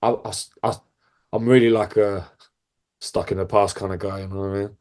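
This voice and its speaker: A man's voice: fairly low pitch, level tone, brisk, darkish tone. A man, a band's singer, talking casually in an interview with lots of filler words. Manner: rambling, full of filler words, laughs often. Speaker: band vocalist, guest.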